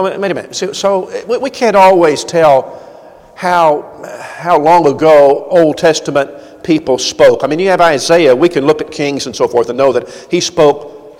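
Male preacher with a long, ringing reverb. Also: fairly high pitch. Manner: earnest, repeats words, swings loud and soft. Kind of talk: sermon.

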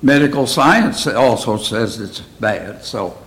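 A man's voice: mid-range voice, lively intonation, slow pace, fairly bright tone, low-quality recording. A man teaching a Bible study in a plain, conversational way, often asking his listeners questions.

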